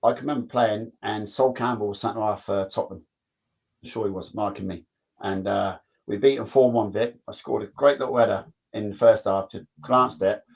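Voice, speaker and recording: A man, a former footballer telling stories in casual chat, rambling and repeating himself. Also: on the low side. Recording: dull lo-fi sound.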